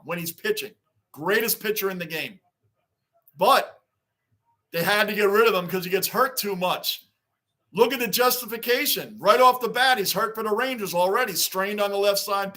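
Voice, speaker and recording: High, bright-voiced man hosting a livestream. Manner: chatty, greets viewers by name, repeats himself. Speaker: livestream host reading fan chat. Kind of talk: casual sports livestream chat.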